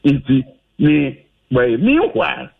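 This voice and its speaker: A Ghanaian man with a husky voice, giving heated radio commentary, animated and firing off rhetorical questions. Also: a little high, slow. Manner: animated, rhetorical questions, mixing English and Twi. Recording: dull lo-fi radio audio.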